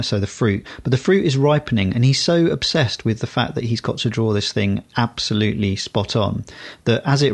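A man co-hosting a podcast, chatting casually and rambling, often breaking off to correct himself. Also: mid-range voice. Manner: rambling, self-correcting storyteller. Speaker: podcast co-host. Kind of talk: casual chat.

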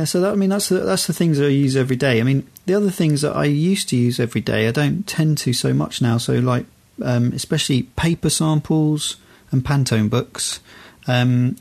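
A man's voice: medium pitch, vocal fry, a little mellow. A man co-hosting a podcast, chatting casually and rambling with lots of restarts and fillers. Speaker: podcast co-host. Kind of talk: casual chat.

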